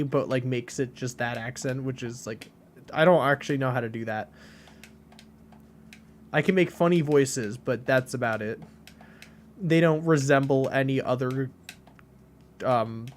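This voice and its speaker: A man's voice: medium pitch, slight background noise. Rambling young-sounding male game streamer. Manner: rambling, chatty, lots of "like" fillers. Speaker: game streamer reading chat. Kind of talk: casual chat while playing.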